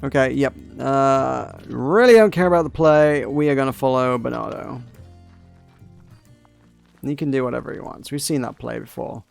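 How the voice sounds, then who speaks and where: A man's voice: medium pitch, moderate pace, vocal fry, soft background music. A man casually commenting while playing a story game, wry and a little rambling. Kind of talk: casual let's play chat.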